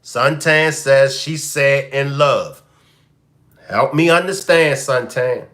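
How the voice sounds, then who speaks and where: Man doing a live stream commentary, aave, bright voice, slow and drawn out, keeps repeating himself at the chat. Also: medium pitch. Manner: animated, repeats questions to the chat. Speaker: commentary show host.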